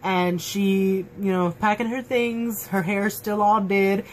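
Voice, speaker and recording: A woman in a casual fan review, chatting at home in an excitable, gushing way full of fillers. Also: medium pitch, slow pace, a little hiss or hum. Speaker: TV episode reviewer. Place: at home, dog nearby.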